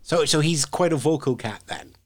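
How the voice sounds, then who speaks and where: A man's voice: on the high side, animated, moderate pace. A man hosts a casual podcast interview, and his voice rises and falls a great deal. He asks friendly, curious follow-up questions. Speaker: podcast host.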